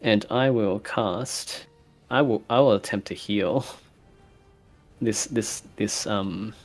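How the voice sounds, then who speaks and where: A man's voice: fairly low pitch, slow, soft background music. A man playing in a tabletop role-playing game, speaking hesitantly with stammered restarts as he declares his character's actions and lines. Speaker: player.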